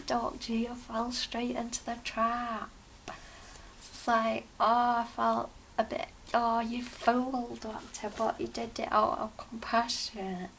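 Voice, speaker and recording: A woman giving a casual, excited, rambling review of a TV episode, often restarting her sentences. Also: medium pitch, slight background noise.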